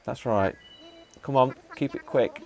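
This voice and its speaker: A man giving casual commentary while playing a video game, chatting to himself and to the characters with excitable bursts. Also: medium pitch, slow pace, creaky. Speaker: gaming channel host. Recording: faint background music.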